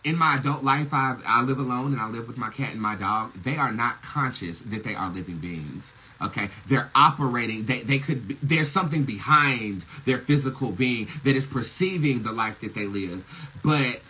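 Bright-voiced man preaching casually. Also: medium pitch, normal speed, husky, rough recording. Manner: profane, emphatic, laughs often. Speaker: tarot reader and spiritual teacher.

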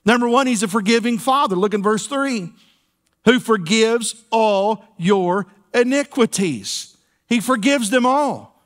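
A senior pastor preaches a sermon in a church sanctuary, his voice high-pitched and his pace measured. He's folksy and playful, tossing call-and-response asides to the congregation.

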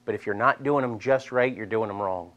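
A middle-aged man with a Delaware accent, a physical therapist presenting a live seminar to an audience and demonstrating stretches in a chatty, animated way. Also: lowish voice, fairly quick, highs cut off. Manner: animated, chatty, repeats himself for emphasis.

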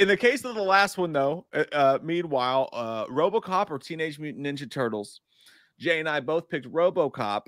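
A man co-hosting a casual movie chat, excitable and swearing, acting out scenes. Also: fairly high pitch, moderate pace, no echo, clean studio sound. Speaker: podcast co-host.

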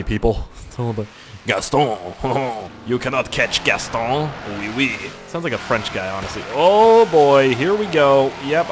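A young man hosting a gaming channel, giving excitable let's play commentary with lots of swearing and sudden high-pitched yelps. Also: slight background noise.

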